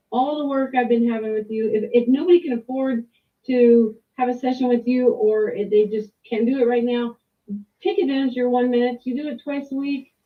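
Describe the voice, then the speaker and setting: A middle-aged woman giving a rambling, candid personal testimony with restarts and mild swearing. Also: on the high side. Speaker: client sharing a testimonial. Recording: tinny phone-like line, distant from the mic.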